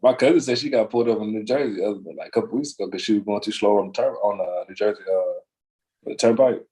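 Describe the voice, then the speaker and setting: A man co-hosting a podcast, chatting casually in an animated way and laughing often. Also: fairly low pitch, fast. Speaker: podcast co-host. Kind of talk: casual chat.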